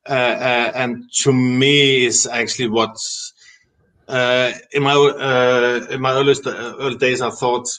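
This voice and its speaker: Halting, reflective man speaking flatly. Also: medium pitch. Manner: halting, many fillers and restarts, reflective. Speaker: guest. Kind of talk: casual spiritual discussion.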